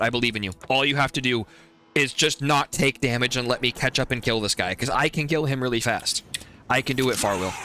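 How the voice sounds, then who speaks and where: A man streaming a video game, commenting live and pleading and swearing at the characters on screen. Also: medium pitch.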